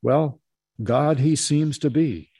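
A man's voice: a little high, slow pace, dark tone, slightly rough, no room sound, studio quality, pitched above the performer's own voice, full character voice. A man voicing a drunken peasant thief who begs and insists, in a raised, emphatic voice. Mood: pleading.

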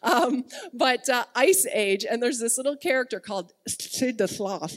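A woman's voice: on the high side, unhurried. A woman giving a sermon in a chatty way, with laughing asides to her congregation and the online chat. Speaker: pastor. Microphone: streamed service, speaking to online chat.

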